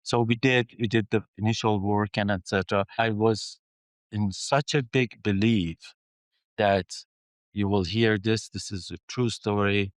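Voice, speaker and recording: A man's voice: lowish voice, measured pace, no room sound. A man, a mining company's chief executive, telling stories in a podcast interview, acting out the dialogue and using non-native phrasing. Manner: animated storyteller who acts out dialogue.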